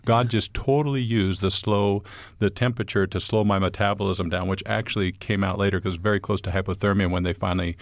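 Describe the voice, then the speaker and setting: A man with a low, gravelly voice tells his story in a relaxed, wry way. The sound is dry and close, with no echo. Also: quick pace, hardly any pauses. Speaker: guest. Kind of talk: personal testimony storytelling.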